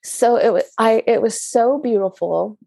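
A woman telling personal stories in conversation, animated and laughing often. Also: on the high side, measured pace, creaky, slightly rough, no echo. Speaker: guest. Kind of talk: conversational storytelling.

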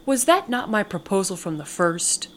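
A woman's voice: medium pitch, big pitch swings, normal speed, a little hiss or hum, close to an everyday voice. A woman reading the lines of a smug, showy male pirate captain with mocking, theatrical courtesy.

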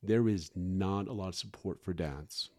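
A middle-aged man, a foster parent, talking candidly and earnestly as a podcast guest, often pausing and restarting. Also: sits low, darkish tone. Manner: earnest, halting, frequent restarts and fillers.

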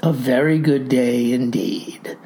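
A man's voice: mid-range voice, animated, takes it slowly, vocal fry, over loud music. A man telling a comic monologue as a pompous older farmer, in a grandiloquent, mock-formal way. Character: pompous old farmer narrating in florid speech. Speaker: storyteller.

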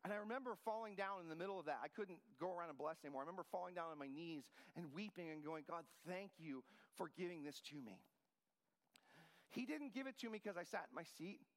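A man's voice: sits high, lively intonation, very fast, hardly any pauses, in a large hall. A man in his forties preaching a sermon, telling a personal story in a conversational style. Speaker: pastor.

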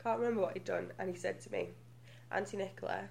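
A woman co-hosting a podcast, telling stories in an animated, giggly way. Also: lowish voice, racing, gravelly, a little hiss or hum. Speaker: podcast co-host. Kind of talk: casual podcast chat.

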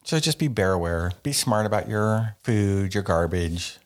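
A man's voice: on the low side, expressive, a little slow. A man talks loosely on a podcast. He rambles, tosses in fillers and jokes around with his co-host. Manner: rambling, filler-heavy, joking. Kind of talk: casual chat.

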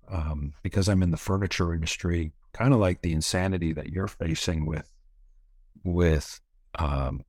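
A man's voice: sits low, darkish tone, no echo, clean studio sound. A middle-aged man from Canada, candidly telling a long personal story in a casual interview, rambling with many fillers and frequent swearing. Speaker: podcast guest.

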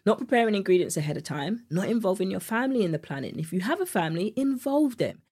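A British woman hosting a solo podcast as a nutrition coach, chatty and animated, laughing at her own jokes. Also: mid-range voice, quick pace, breathy edge. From United Kingdom.

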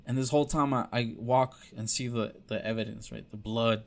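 Young man, casual storytelling, blunt, heavy swearing, halting restarts, mid-pitched voice. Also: fairly even intonation, vocal fry.

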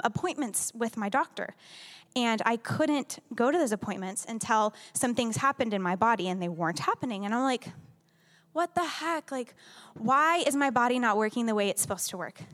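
A woman's voice: on the high side, fairly bright tone. A young woman giving a personal church testimony to a congregation, talking candidly and emotionally in a casual way. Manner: candid, conversational, emotional storytelling with many "like"s. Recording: long reverb of a large hall.

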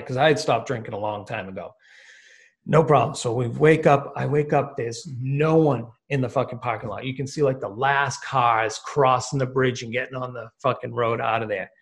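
A man's voice: mid-range voice, moderate pace. A man on a podcast telling a long, rambling, profane story in casual talk. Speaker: podcast guest.

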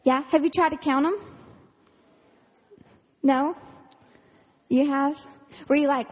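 A woman camp counselor, giving a casual, earnest youth sermon full of fillers and quick laughs. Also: sits high, fairly even intonation, darkish tone. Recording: reverberant hall.

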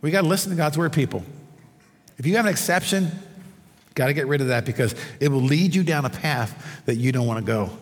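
A man's voice: a little high, brisk. Man preaching in a reverberant church. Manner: conversational preaching with stories and asides. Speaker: pastor. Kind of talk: sermon. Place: church sanctuary under stage lights. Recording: long hall reverb.

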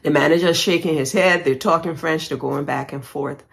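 A woman podcast host telling a personal faith testimony, emotional and animated, breaking into praise. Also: sits low, moderate pace, gravelly, few pauses, a little hiss or hum.

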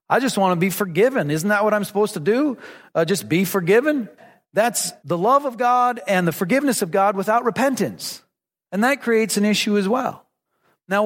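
A man's voice: sits high, long reverb tail. A man in his forties preaching a sermon in an earnest, emphatic, conversational way.

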